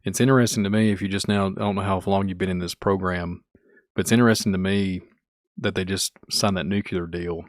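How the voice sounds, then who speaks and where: A man's voice: deep voice, fairly even intonation, brisk, no room sound, studio quality. A man from Kentucky with a Kentucky accent, hosting a livestream podcast, rambling and repeating himself as he reads the chat. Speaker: podcast host. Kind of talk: casual livestream talk reading chat.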